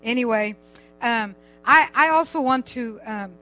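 A woman's voice: a little high, measured pace, bright, forceful tone, faint music behind, low-quality recording. An older woman giving a rambling, chatty personal testimony in church, laughing now and then as she talks.

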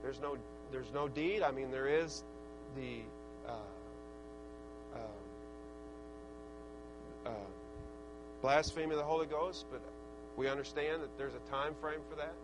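Preacher, male, high-pitched, rhythmic sermon delivery that builds to fervent shouts; light hum on the recording. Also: measured pace, long pauses. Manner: preaching cadence, swelling to excited shouts. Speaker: pastor.

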